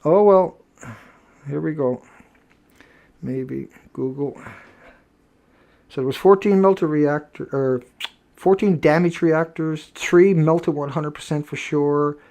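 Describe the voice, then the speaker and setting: Male host, slightly high-pitched, live-stream monologue, emphatic and preachy, rambling with self-corrections. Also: slow pace, gravelly, pauses often, darkish tone. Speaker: host of a nightly online show.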